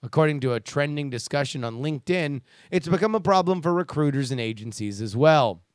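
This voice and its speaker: A man's voice: fairly high pitch, lively intonation, brisk, no room sound, clean studio sound. A man hosting a casual commentary show who rants in a sarcastic, profane way and reads listener emails. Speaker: podcast host reading listener emails.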